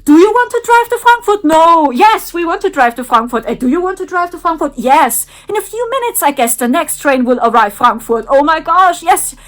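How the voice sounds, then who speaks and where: A woman's voice: extremely high pitch, big pitch swings, fairly quick, few pauses, pitched above the performer's own voice. A woman mimicking insistent young train passengers who keep repeating the same question. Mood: pushy, excited. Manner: eager, insistent, repetitive. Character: pushy chattering young train passengers, mixed.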